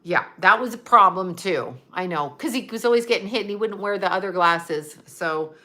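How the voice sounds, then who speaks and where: A woman's voice: mid-range voice, normal speed, pushed and bright. A middle-aged woman hosting a casual livestream, rambling and laughing as she reads comments. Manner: rambling, laughing, chatty asides. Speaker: livestream host.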